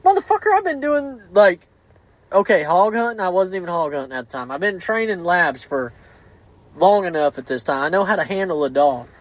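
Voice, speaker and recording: A male podcast host launches into a story about his dogs. He swears constantly, restarts his sentences and gets animated as he goes. His voice sits high for a man. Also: brisk, slight background noise, low-quality recording. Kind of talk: casual podcast chat.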